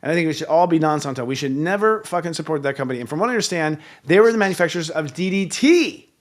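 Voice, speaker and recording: A man hosting a live talk show, ranting in an animated, profane way. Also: on the high side, rapid-fire. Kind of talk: casual chat.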